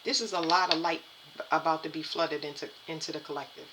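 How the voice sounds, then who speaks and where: A woman giving a spiritual card reading to her viewers, halting and repeating herself as she talks. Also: low-pitched, fairly even intonation, noisy background. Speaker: tarot and energy reader.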